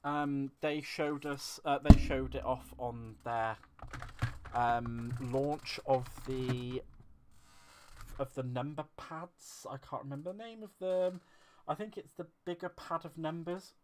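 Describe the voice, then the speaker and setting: Slow and dark-toned, this medium-pitched male voice comes with slight background noise. He hosts a crafting stream in a casual, rambling way, teasing himself and reading out and replying to viewer comments.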